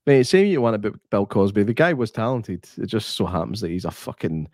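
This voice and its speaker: A man's voice: fairly low pitch, fast talker, no echo, clean studio sound. Sweary Scottish man telling stories. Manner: sweary, animated storyteller who acts out quotes. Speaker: podcast co-host. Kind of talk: casual chat.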